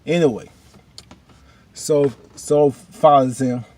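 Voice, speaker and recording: A man's voice: medium pitch, fairly even intonation, slow pace, darkish tone. A man casually recapping a TV episode, chatty and slangy, rambling with restarts.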